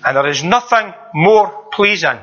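Brief: earnest male preacher, high and bright voice, plain repetitive delivery, dull lo-fi recording. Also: animated, measured pace. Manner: earnest, repetitive, conversational preaching with rhetorical questions. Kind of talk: sermon.

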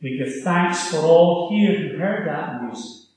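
A man preaching a sermon in a church, in a measured, emphatic way with repeated phrases. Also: a little high, animated, darkish tone. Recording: very echoey church from far off.

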